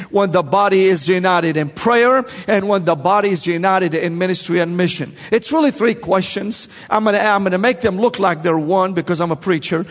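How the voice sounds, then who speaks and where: A male preacher delivers a sermon in a high, ringing voice, building his points through emphatic repetition and questions to the crowd. His words carry a long reverberant tail from the hall. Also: fairly bright tone.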